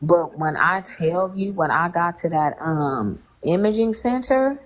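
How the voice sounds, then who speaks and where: A woman's voice: fairly low pitch, animated, unhurried, rough recording. A woman in her late thirties telling a personal story in casual chat, candid and colloquial, with strong feeling. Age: 30s.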